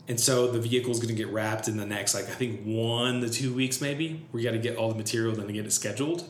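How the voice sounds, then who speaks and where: A man's voice: medium pitch, fairly quick. Man, business vlogger, casual rambling delivery, lots of "like", salty language, roomy sound with faint background hum. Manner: filler-heavy, profane, enthusiastic. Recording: roomy echo, faint ambience.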